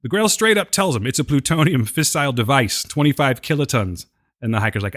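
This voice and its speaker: A male podcast co-host recaps a TV episode in a casual, joking style. His voice is mid-pitched and conversational. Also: expressive, fast, a bit bright. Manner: chatty, joking, retells scenes.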